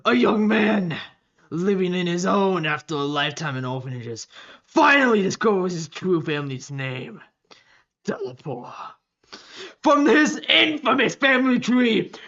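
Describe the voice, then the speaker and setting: A podcast co-host mimicking an overdramatic AI audiobook narrator, booming and over-emphatic, on a slightly dull recording. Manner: booming, over-emphatic, swings loud and soft. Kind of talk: mock dramatic narration. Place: recording room in Boston.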